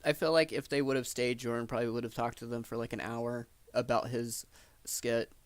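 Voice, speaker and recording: A man's voice: mid-range voice, level tone, a little fast, no room sound. A man giving casual commentary, chatty and filling his talk with "like". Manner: chatty, fills with "like". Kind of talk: casual commentary over clips.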